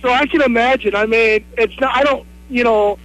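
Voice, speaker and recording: A man calling in to a radio show, telling a story with lots of hesitant pauses. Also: extremely high pitch, steady tone, a bit bright, dry recording, poor audio. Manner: hesitant, many uhs. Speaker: caller. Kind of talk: phone-in story.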